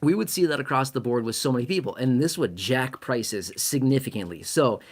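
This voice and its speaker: A man's voice: medium pitch, expressive, fairly quick. A man giving casual money commentary to camera, emphatic and self-mocking, stacking up repeated words for stress. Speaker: finance commentator.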